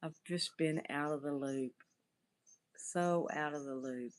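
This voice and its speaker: Her voice is deep and her pace slow. She's a middle-aged livestream host and therapist with a Southern accent, broadcasting casually outdoors, wandering from riff to riff without a topic and reading out viewers' comments.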